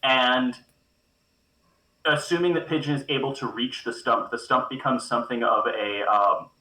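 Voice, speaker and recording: A man talks casually at a tabletop game, working through his plans with lots of pauses and restarts. His voice is very bright and sharp. The room around him adds a clear echo. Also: mid-range voice, fairly even intonation. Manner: hesitant, full of restarts while planning moves.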